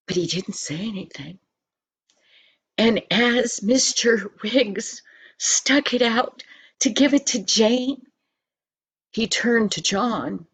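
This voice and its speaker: Slow, expressive grandmotherly storyteller. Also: on the high side, breathy edge. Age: older. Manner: expressive, dramatic whispers and sound effects. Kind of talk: storybook reading.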